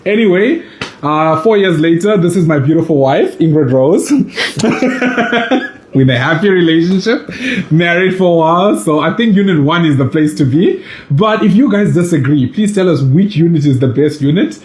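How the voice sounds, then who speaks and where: A man addressing his viewers with playful, joking storytelling. His pitch swings animatedly and sits a little high, and the room gives an echoey sound. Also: lively intonation, normal speed, darkish tone.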